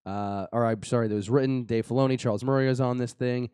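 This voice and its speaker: A man's voice: mid-range voice, fairly even intonation, fast talker, darkish tone, smooth, dry recording, clean studio sound. A young man hosting a podcast, chatting casually and jokingly, with lots of fillers and restarts. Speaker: podcast host. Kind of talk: casual live-show chat.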